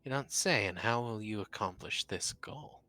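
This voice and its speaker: A man voicing a calm, dry-humored man with polite, measured speech. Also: fairly low pitch, no room sound. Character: calm, wry adult man, a martial artist.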